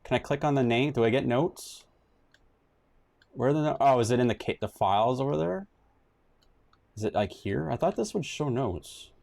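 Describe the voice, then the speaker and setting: Gravelly and darkish in tone, this man's medium-pitched voice has lively intonation, a moderate pace and frequent pauses. He's streaming a retro detective game in casual let's-play style, rambling, restarting, reading passages aloud, mocking himself and exclaiming suddenly.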